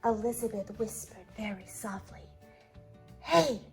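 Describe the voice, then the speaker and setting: A woman kindergarten teacher reading a storybook aloud and asking the children questions in an animated way. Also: sits high, normal speed, soft background music, low-quality recording. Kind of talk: storybook read-aloud and lesson.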